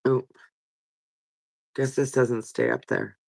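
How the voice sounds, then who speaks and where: A woman's voice: extremely low pitch, wildly swooping pitch, slow pace, creaky, a little mellow. A woman hosting a live chat stream, talking in an earnest, rambling, emotional way with a stuffy nose from crying. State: stuffy-nosed after crying. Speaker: livestream host. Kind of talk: casual live chat reading comments.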